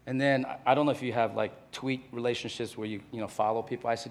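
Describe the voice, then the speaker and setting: A pastor preaching a sermon, telling everyday stories and acting out quotes in hushed asides. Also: male voice, mid-range voice, fairly even intonation, quick pace.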